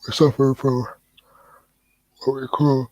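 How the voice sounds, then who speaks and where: A man chatting on a podcast, laughing a lot and throwing out teasing slang. His voice sits at an ordinary middle pitch and sounds close and dry, with no room around it. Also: level tone, a little slow, a little mellow, no echo, muffled recording. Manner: laughs often, mocking slangy banter. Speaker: podcast co-host. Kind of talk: casual chat.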